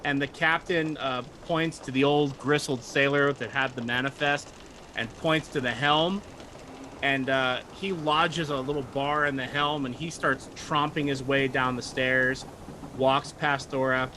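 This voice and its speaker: A man's voice: medium pitch, steady tone, measured pace, sharp tone, slight background noise. A man running a tabletop game, narrating the scene and laughing often. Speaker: game master.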